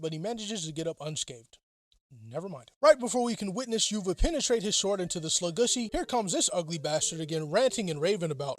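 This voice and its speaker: A man's voice: fairly high pitch, no room sound. A young man giving a comedic, sarcastic and profane recap of a story, often mocking himself. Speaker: youtuber recapping a manga.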